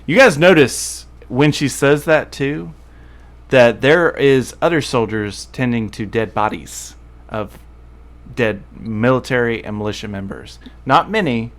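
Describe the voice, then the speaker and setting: A man's voice: medium pitch, a little slow. Man running a tabletop game. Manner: rambling, self-correcting narration. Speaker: game master.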